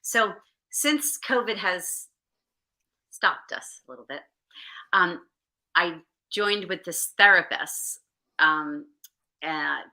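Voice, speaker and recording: A woman author as a guest on a live interview, telling stories in an eager, animated way. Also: fairly low pitch, takes it slowly, long pauses. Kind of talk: casual interview chat.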